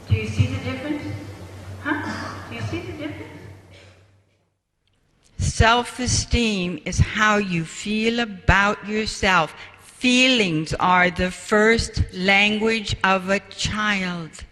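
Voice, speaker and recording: A man giving a parenting lecture to an audience, telling stories slowly and asking the room rhetorical questions, recorded in an echoey hall from far off. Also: sits high, lively intonation, bright, forceful tone. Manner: slow, storytelling delivery with rhetorical questions to the audience. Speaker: parenting speaker. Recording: echoey hall, voice far from mic, faint noise.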